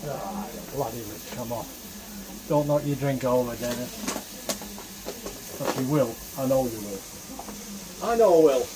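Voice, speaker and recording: A man talks his way through making a roast at home, muttering asides to himself between remarks to the camera. His voice sits at an ordinary middle pitch. There is clear ambient noise behind him in the kitchen. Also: measured pace, long pauses. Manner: chatty, mutters to himself while cooking. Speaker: home cook vlogger. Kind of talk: casual cooking commentary. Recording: noisy background ambience.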